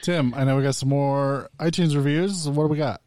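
A man's voice: mid-range voice, fairly quick, no room sound, studio quality. A man co-hosting a podcast in casual chat, jokey and playful. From United States. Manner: jokey, animated. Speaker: podcast co-host.

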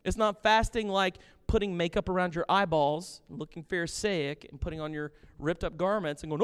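A pastor preaching a sermon with passion and jokes, animated and lively in his delivery. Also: high-pitched, a little fast, few pauses, smooth. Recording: long reverb of a hall.

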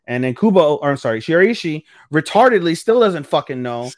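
A man co-hosting a casual podcast, recapping an anime episode with lively acted-out quotes and casual swearing. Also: mid-range voice, a little fast, hardly any pauses, no room sound. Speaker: podcast co-host. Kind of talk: casual anime review chat.

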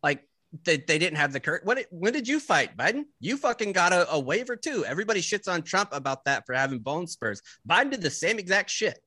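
Blunt, profane man with a bright voice. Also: high-pitched, very animated, fairly quick, dry recording, clean studio sound. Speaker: podcast co-host. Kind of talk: casual political discussion.

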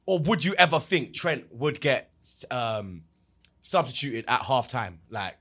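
A man's voice: mid-range voice, sing-song, a little slow. A young man, a podcast co-host in heated football banter, boisterous and full of slang. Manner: boisterous, slangy, chanting and shouting.

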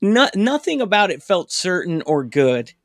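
A man with a fairly high voice tells a story with animated, self-mocking energy as he co-hosts a casual podcast. His sound is dry and close on the mic. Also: moderate pace, no echo. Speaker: podcast co-host. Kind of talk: casual chat.

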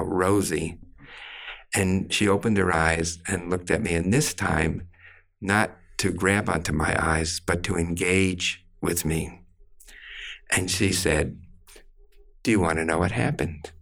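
Deep gravelly older man telling a story. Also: fairly bright tone. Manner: slow, deliberate storytelling. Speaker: therapist and author. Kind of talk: storytelling in an interview.

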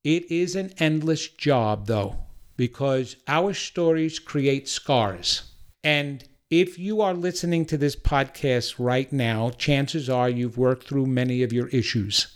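A man's voice: mid-range voice, slow, clear, resonant tone. A man speaking as a podcast guest who offers personal readings, giving an emphatic, blunt motivational talk.

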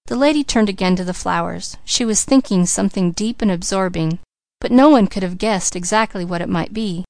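A woman narrating a classic novel as an audiobook, reading in a measured, steady way. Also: mid-range voice, no echo.

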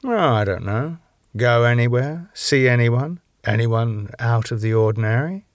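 A man's voice: medium pitch, animated, unhurried, no echo, studio quality. A man voicing a senior male police chief who speaks formally and probes with careful questions. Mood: probing.

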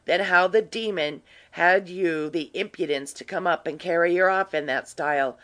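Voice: mid-range voice, normal speed, a bit bright, natural voice. A reader voicing a curious, teasing aristocratic earl in an audiobook, talking in a familiar way. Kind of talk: audiobook reading.

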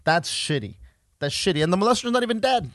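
A man hosting a comedy podcast, ranting in an animated and profane way into a close mic. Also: high-pitched, fast, dry recording. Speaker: podcast host. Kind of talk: casual comedy podcast chat.

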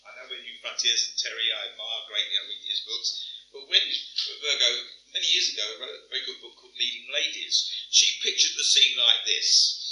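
A man's voice: medium pitch, fairly even intonation, brisk, pushed and bright, distant mic. An older man preaching a sermon in a church, chatty and storytelling, stammering and chuckling as he reads and tells stories. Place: church hall. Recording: echoey church hall from afar, faint hum.

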